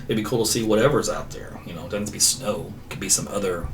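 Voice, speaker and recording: On a casual livestream, a middle-aged weatherman talks quickly with a lowish voice, wandering into tangents and breaking into laughter. The mic is slightly distant, picking up faint background noise.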